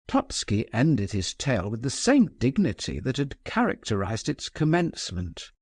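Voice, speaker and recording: A man reading a classic novel aloud as audiobook narrator, with a measured, expressive delivery. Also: medium pitch, slightly rough, no echo, clean studio sound. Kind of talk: scripted narration.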